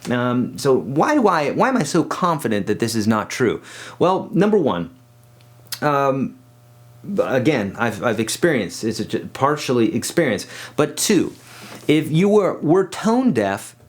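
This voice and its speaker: A man's voice: very animated, measured pace, breathy edge. Chatty man teaching guitar. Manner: chatty, with frequent restarts and fillers; sings pitches to demonstrate. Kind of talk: casual video lesson. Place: home studio.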